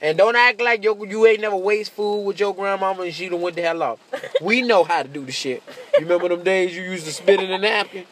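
A man doing a profane stand-up comedy monologue, brash, laughing often and slipping into shrill mocking voices. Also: a little fast, a bit bright, slight background noise.

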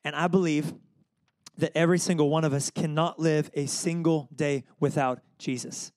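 Animated young man preaching a sermon. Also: a little high, normal speed, no room sound, clean studio sound. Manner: animated storytelling with laughs and call-and-response. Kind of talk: casual sermon.

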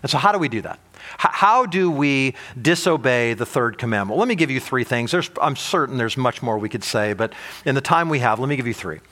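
A male pastor preaching a sermon, animated, asking the audience rhetorical questions and often restarting and repeating words. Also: mid-range voice, a little fast.

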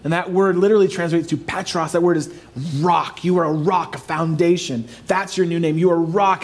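A man preaching a sermon as pastor, emphatic and animated, with playful asides to his listeners. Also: a little high, brisk, creaky.

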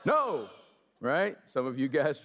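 A male pastor preaching a sermon in a church, lively and joking in a conversational way. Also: mid-range voice, slow pace, background noise. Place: large church hall. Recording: long hall reverb.

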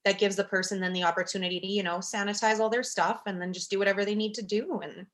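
A young woman telling a warm story in casual chat, full of "like" and "you know". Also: mid-range voice, fairly even intonation, quick pace. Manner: chatty, fillers like "like" and "you know".

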